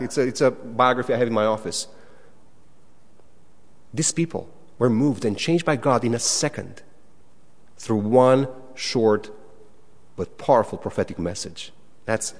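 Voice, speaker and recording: A man preaching a sermon, animated and dramatic, acting out quoted prayers in a raised voice. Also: mid-range voice. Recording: long hall reverb.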